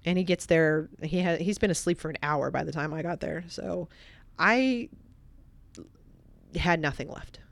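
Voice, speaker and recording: Low-voiced woman telling a story. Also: unhurried, vocal fry, long pauses, no room sound. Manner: animated, vivid storytelling that turns quiet and reflective. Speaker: podcast guest. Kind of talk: casual storytelling.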